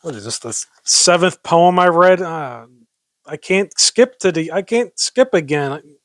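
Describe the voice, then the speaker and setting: A man's voice: on the high side, expressive, measured pace, a bit bright, no echo. A man casually reading public domain poems aloud, breaking off into rambling, self-mocking asides and stifled giggles. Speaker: amateur poetry reader.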